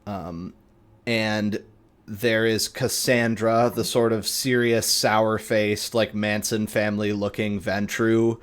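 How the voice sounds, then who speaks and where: Slow, low-voiced game master man. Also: level tone, clean tone. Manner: unhurried, rambling with fillers. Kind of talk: narrating a tabletop game.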